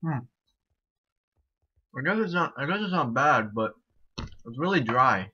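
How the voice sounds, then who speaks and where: A young man chatting excitably and repeating himself as he gives casual commentary on a game he is playing. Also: medium pitch, measured pace, slightly rough. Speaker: gaming YouTuber. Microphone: desk mic, no headset. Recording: dull lo-fi home recording.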